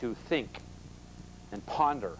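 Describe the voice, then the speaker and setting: A man's voice: mid-range voice, slow, a little hiss or hum, low-quality recording. A man teaching a live investment seminar in a classroom, emphatic and constantly asking the audience rhetorical questions.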